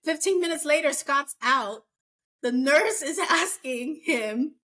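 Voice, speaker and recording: A woman co-hosting a casual podcast, recapping a reality show and acting out quotes in lively voices. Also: sits high, measured pace. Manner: chatty, acts out quotes in animated voices. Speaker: podcast co-host.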